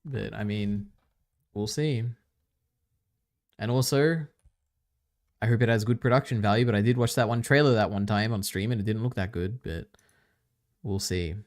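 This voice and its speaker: A man's voice: fairly low pitch, moderate pace, long pauses, a little mellow. A man hosting a live stream, rambling and reacting casually as he chats.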